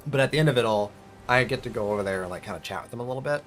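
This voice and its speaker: A young man streaming a game, telling a story in a casual, swearing, animated way and squeaking out high alarm noises. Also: very fast, a little hiss or hum. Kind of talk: casual storytelling while gaming.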